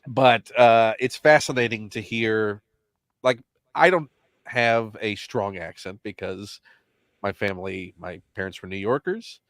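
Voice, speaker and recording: A man's voice: on the low side, measured pace, a bit bright, no room sound. A man with a General American accent hosting a casual chat in a wry, playfully teasing way. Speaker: host.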